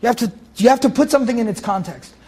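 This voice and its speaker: A man's voice: very high-pitched, rapid-fire, darkish tone, breathy edge. A man giving a Quran commentary lesson, explaining Arabic words and repeating key phrases for his students. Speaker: Quran teacher.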